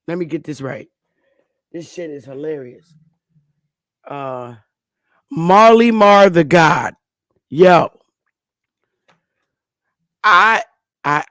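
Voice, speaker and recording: A woman hosting her own channel, chatting to viewers in a loose, profane way, laughing often and stammering when she gets excited. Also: lowish voice, dry recording, clean studio sound. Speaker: channel host. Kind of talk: casual commentary to viewers.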